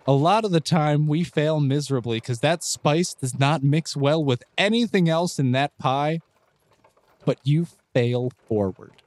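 A man's voice: a little high, a little slow, a little mellow, no room sound, close to an everyday voice. A man voicing a rambling companion who gives folksy advice through clumsy baking analogies.

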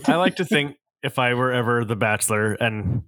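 A man's voice: mid-range voice, expressive, normal speed, a bit bright, no echo. Wry, joking man on a podcast. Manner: wry, jokey, playful role-play bits. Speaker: podcast co-host. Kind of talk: casual chat.

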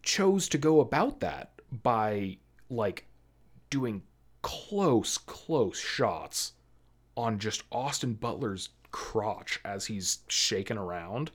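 A male movie review podcast co-host chats casually in a lowish voice with lively intonation and drawn-out words. He rambles, restarts often, and fills his speech with likes and ums.

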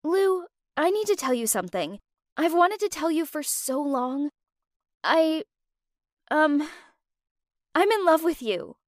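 A woman voicing an earnest young woman who speaks hesitantly, with pauses and fillers. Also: sits high, lively intonation, no room sound, studio quality, pitched above the performer's own voice. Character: earnest young woman, model, shy friend.

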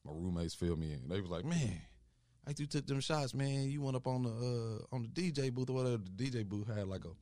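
A young man on a podcast mic recounts a wild night in loose, casual talk, jumping into higher voices whenever he quotes his friends. His pitch sits in the middle range, and the sound is dry and close with almost no room. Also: quick pace, no echo. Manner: animated storytelling, acts out quotes with rising pitch. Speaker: podcast co-host. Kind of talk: casual storytelling chat.

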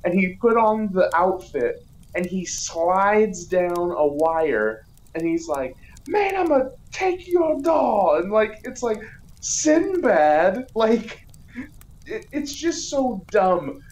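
A woman's voice: on the low side, animated, slow, darkish tone, rough recording. A woman co-hosting a casual movie review podcast, retelling the plot and acting out the characters' lines. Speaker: podcast co-host.

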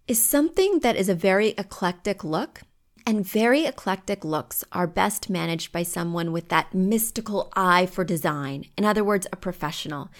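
Woman podcast host, talking from home, chatty and emphatic, strong opinions. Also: fairly low pitch. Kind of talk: advice podcast.

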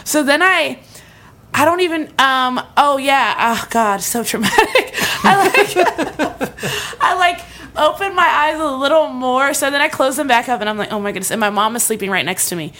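A young woman spins a funny personal story in a loose, chatty way. She is animated and scatters likes and ums through her sentences. She keeps laughing at her own punchlines. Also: high-pitched, normal speed. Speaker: storyteller on a comedy podcast. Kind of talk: casual comedic storytelling.

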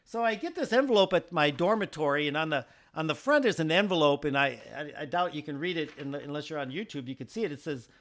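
A man's voice: a little high, lively intonation, fast, few pauses, a bit bright. A man hosting a podcast, telling a personal story and reading from an old letter, chuckling often as he goes. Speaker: podcast host.

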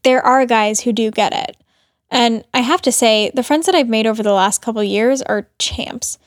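Podcast host, woman, fairly high voice, measured scripted narration, close dry mic. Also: no echo.

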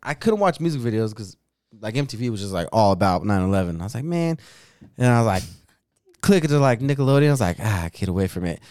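A man in his thirties with a low voice chats on a podcast. He tells stories in an animated way, with lots of swearing and filler "likes". The sound is dry and close to the mic. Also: fast talker, no room sound. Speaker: podcast co-host. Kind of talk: casual chat.

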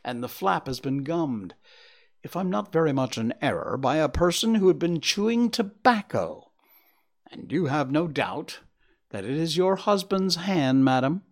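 A sharp Victorian detective, read by a man, laying out his deductions in a measured, clipped way. His voice rises and falls with lively emphasis as he reasons it through, like a storybook reading. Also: fairly high pitch, pitched above the performer's own voice. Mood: deducing. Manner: brisk deductive explaining, measured. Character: Victorian male detective, keen, clipped and analytical.

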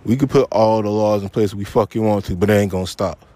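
A man's voice: lowish voice, steady tone, fast, mellow. Angry, cursing male podcast host. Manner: angry, profane, repeats himself for emphasis. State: frustrated and upset. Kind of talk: solo podcast rant.

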